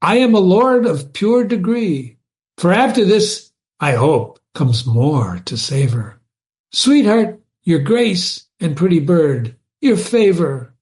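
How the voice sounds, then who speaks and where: A man voicing a lovesick young male suitor who gushes and pleads in florid love talk, raising his voice a little higher than his narration. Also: big pitch swings, slow, darkish tone, heavily acted. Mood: begging.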